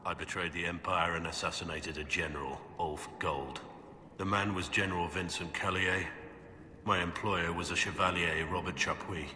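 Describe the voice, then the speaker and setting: A gruff, deep-voiced guilty warrior. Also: male voice, steady tone, normal speed, pushed and bright, roomy sound, long reverb tail, a little hiss or hum. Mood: flat confession. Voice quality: deep gravelly voice. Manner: grave, heavy, self-condemning. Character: gruff guilt-ridden male warrior confessing. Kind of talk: video game dialogue.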